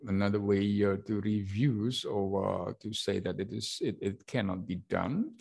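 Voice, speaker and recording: A man's voice: lowish voice, moderate pace, gravelly. A man teaching an English class online, with an Indonesian accent, full of fillers and hesitations, reading dialogue lines aloud in a lifted voice.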